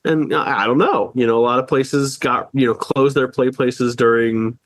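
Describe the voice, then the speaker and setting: A man's voice: mid-range voice, fairly even intonation, moderate pace, dry recording. A man under the weather co-hosting a casual podcast, rambling through anecdotes, acting out quotes and laughing often. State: sick, just woke up. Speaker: podcast co-host. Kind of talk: casual chat.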